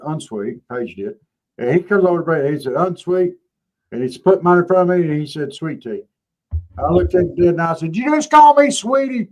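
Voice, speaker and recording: A man's voice: on the high side, darkish tone, poor audio. A man, co-hosting a casual chat show and telling laid-back, joking stories. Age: 50s. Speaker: show co-host.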